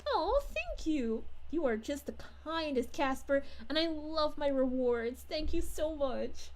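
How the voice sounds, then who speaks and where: A woman doing bubbly high Princess Peach. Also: sing-song, unhurried. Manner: gushing and giggly, sing-song. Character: sweet, bubbly young princess turned detective. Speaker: character streamer reading chat. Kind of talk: in-character livestream chat.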